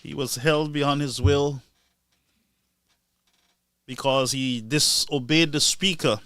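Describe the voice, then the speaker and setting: A man giving impassioned political commentary on a live stream, animated and mocking, swinging between loud outbursts and low asides. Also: slow, no room sound.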